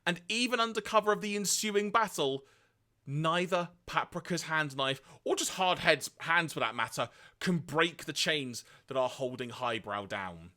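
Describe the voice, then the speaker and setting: A man co-hosting a podcast, retelling episodes in a lively way and acting out quoted lines. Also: normal speed. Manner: lively storytelling, acts out quoted lines in high voices. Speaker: podcast co-host. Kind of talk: casual podcast recap.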